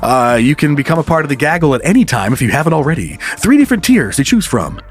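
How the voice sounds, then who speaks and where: A man's voice: fairly high pitch, big pitch swings, fast, husky. A man in his thirties co-hosting a podcast in casual chat, joking and laughing often. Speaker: podcast co-host.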